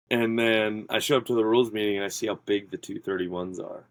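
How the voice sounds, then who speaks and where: A man's voice: fairly low pitch, steady tone, fast, hardly any pauses, dry recording, rough recording. A man who is a strongman athlete, guesting on a podcast and telling stories casually, full of fillers and quoting what people said to him. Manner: rambling, filler-heavy, quotes people in his stories. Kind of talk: casual interview storytelling.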